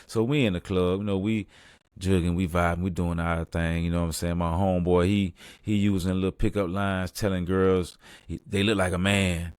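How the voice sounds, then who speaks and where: A man's voice: flat delivery, moderate pace, clear, resonant tone, no echo, studio quality. A young man hosting a podcast, telling a story in a laid-back, casual way and saying "man" often. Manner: laid-back, says "man" constantly, gets loud and high when acting out the story. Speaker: podcast host.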